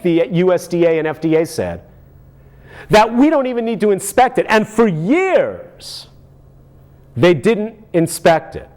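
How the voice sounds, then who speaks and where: Brief: fired-up male host, slightly high voice, lively swooping delivery, sarcastic rant. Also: measured pace. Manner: indignant, sarcastic, rhetorical questions. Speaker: podcast host. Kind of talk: ranting commentary.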